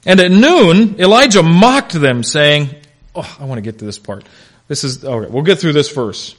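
Man teaching a lively Bible class. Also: a little high, moderate pace. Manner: animated storytelling, calls on class members by name.

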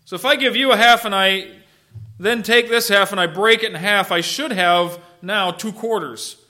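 High-voiced, bright preaching man. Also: normal speed. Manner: animated preaching, swings from loud emphasis to soft near-whisper asides; conversational, asks the listeners questions and answers them. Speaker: pastor. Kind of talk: sermon.

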